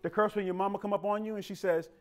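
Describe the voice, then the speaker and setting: A man's voice: sits high, quick pace. A man preaching a sermon as pastor, telling funny family stories in a casual, colloquial way and talking straight to the congregation. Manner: animated, joking storytelling with a casual, colloquial delivery; talks directly to the congregation.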